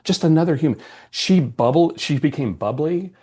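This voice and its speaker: A man who works as a coach, a podcast guest telling an emotional story in an animated, earnest way. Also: fairly high pitch, normal speed, slightly rough. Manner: animated, acts out quoted dialogue. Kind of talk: storytelling in a conversational interview.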